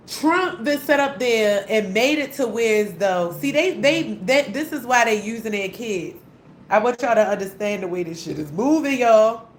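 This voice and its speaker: Ranting woman, echoey room. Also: fairly high pitch. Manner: heated, blunt, repetitive, swearing often. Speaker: vlogger. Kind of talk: angry profane rant. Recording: echoey room with faint hum.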